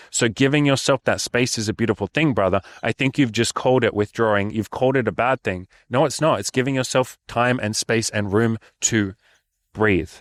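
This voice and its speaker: A man's voice: mid-range voice, a little fast, no echo. Guy coaching on dating, swears a lot, calls u brother, dry close mic. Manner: frank, swears casually, calls listener brother. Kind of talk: casual advice monologue.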